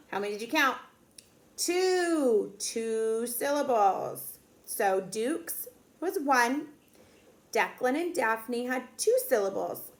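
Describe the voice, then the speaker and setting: A woman teacher leading a phonics lesson for young children, encouraging them and sounding out letters with exaggerated, drawn-out sounds. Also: fairly high pitch.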